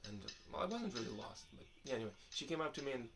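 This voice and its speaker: A man's voice: medium pitch, racing, noisy background. A young man casually answering viewer questions in a vlog, rambling and restarting his sentences. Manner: rambling, restarts often, relaxed and candid.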